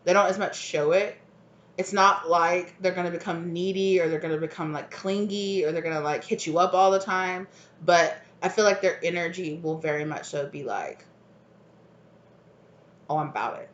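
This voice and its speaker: A woman's voice: on the low side, normal speed. A woman giving a casual, rambling tarot card reading, full of fillers and frequent laughs. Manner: rambling, chatty, filler-heavy, laughs often. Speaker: tarot reader. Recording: roomy, slightly dull sound.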